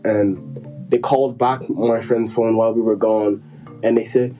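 A man's voice: on the low side, flat delivery, normal speed, dark tone, soft background music, low-quality recording. Rambling joking man telling a story. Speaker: podcast co-host telling a story. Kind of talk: casual chat.

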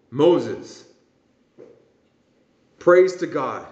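High-voiced preaching man in echoey church. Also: measured pace. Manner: impassioned preaching, acting out whining voices. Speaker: pastor. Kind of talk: sermon. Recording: echoey room, dull lo-fi sound.

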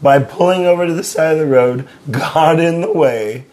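A man's voice: on the high side, moderate pace, a little mellow. A man hosting a casual late-night chat with a musician guest. He jokes, laughs and rambles. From visitor often based in Seattle. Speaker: podcast host interviewing a musician.

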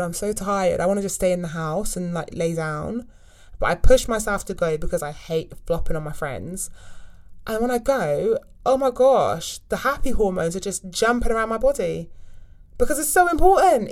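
A woman and mother chatting casually to camera, sharing frank wellbeing advice with quick asides. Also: mid-range voice. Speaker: mum vlogger giving wellbeing tips.

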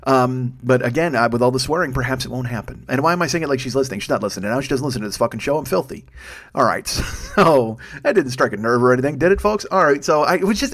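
A man's voice: medium pitch, expressive, quick pace. A man in his fifties who tells a rambling, self-mocking comedy monologue as a podcast host, swearing constantly. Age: 50s. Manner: digressive storytelling.

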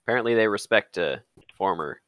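A man voicing a former lawman in a put-on frontier drawl, folksy and slow. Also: on the low side, expressive, no echo, dull audio, lightly acted. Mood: plain.

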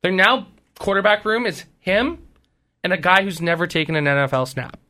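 A man's voice: high-pitched, animated, moderate pace, sharp tone. A man from Canada co-hosting a sports podcast, giving opinionated takes in casual chat full of "like". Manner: opinionated, filler-heavy with "like". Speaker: podcast co-host.

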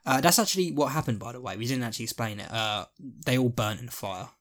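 A man's voice: mid-range voice, fast, a bit bright. A man co-hosting a podcast, chatting casually and animatedly, swearing and acting out quotes from characters. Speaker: podcast co-host. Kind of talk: casual chat.

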